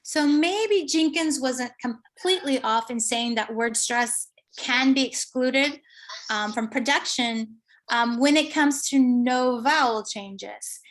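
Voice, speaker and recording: A woman researcher giving an academic conference presentation, explaining her findings step by step with frequent pauses and fillers. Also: high voice.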